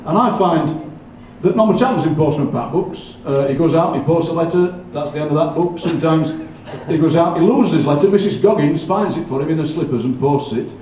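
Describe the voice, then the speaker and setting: A man's voice: on the high side, fairly quick, hardly any pauses, slight background noise. Older man doing playful comic patter. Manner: playful, deadpan, self-mocking. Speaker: poet performing for a live audience. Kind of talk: comic stage patter leading a singalong. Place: hall with a live audience. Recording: echoey hall from far off with audience.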